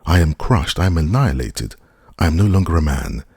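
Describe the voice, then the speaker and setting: A man's voice: a bass voice, very animated, a little fast, a little mellow, breathy edge, no echo, studio quality, pitched above the performer's own voice, exaggerated voice. A man voicing a stiff, self-pitying grieving official with a thin voice and formal speech. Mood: crushed.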